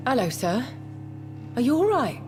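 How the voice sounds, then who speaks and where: An actress playing a nervous young barmaid who answers in a guarded, hurried, polite way in a game. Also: female voice, a little high, sing-song, over music. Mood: evasive.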